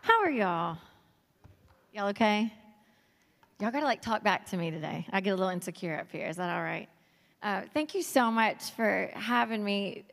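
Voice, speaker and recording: A woman's voice: mid-range voice, expressive, normal speed, vocal fry, long pauses. A woman, giving a joking, conversational sermon as a guest speaker and urging the audience to talk back. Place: church sanctuary. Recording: long reverb from a hall.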